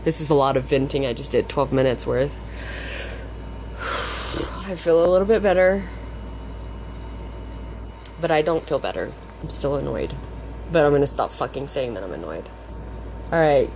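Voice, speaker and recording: A woman's voice: low voice, expressive, a little slow, long pauses, darkish tone. A woman venting in a casual vlog at home, swearing often and talking to herself, recorded on a muffled-sounding phone. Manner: swears a lot, talks to herself, swings between frustrated and laughing. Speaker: vlogger. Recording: muffled phone audio, faint background noise.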